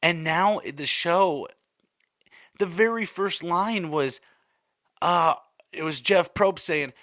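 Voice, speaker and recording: A man's voice: fairly high pitch, unhurried, sharp tone, dry recording, studio quality. A young man hosting a solo podcast, rambling and exasperated as he rants. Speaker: podcast host.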